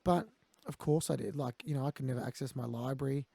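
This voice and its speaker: An Australian man talking quickly and bluntly, swearing now and then as he tells stories from his own life. His voice is gravelly and mellow. It is recorded close and dry, with no room sound. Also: mid-range voice, no echo. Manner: blunt, swears, quotes others. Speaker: guest. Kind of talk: candid conversational storytelling.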